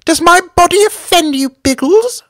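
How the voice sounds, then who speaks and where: A man's voice: very high voice, lively intonation, moderate pace, a bit bright, no echo, studio quality, pitched above the performer's own voice. A man voicing a fussy, teasing young male co-pilot in a comic story reading. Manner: teasing, prissy.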